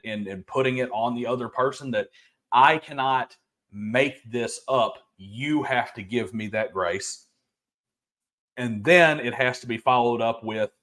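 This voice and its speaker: A man co-hosting a commentary, talking earnestly and reasoning things through, quickening as he makes his case. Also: mid-range voice, fairly bright tone. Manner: earnest, reasoned, speeds up when making a point. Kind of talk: casual opinion commentary.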